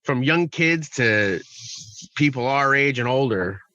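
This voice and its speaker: A man's voice: mid-range voice, lively intonation, takes it slowly, bright, forceful tone, dry recording, highs cut off. A man co-hosting a podcast in a casual chat, cracking crude jokes. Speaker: podcast co-host.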